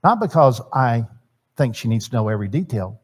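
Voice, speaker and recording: A man's voice: mid-range voice, very animated, a little fast. A middle-aged man teaching at a church marriage seminar, talking conversationally and acting out bits of dialogue. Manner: conversational, acts out quoted dialogue, repeats words.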